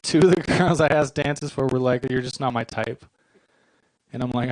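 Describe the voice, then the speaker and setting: A man's voice: medium pitch, normal speed, no echo, low-quality recording. Dry-voiced young man doing stand-up. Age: 20s. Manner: deadpan, self-deprecating delivery with short punchlines. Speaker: stand-up comedian. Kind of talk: stand-up comedy set. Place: comedy club stage.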